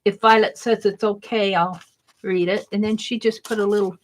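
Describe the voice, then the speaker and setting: A woman's voice: medium pitch, steady tone, normal speed, slight background noise. A woman hosting a casual crafting live stream, exclaiming over mail and greeting viewers in chat.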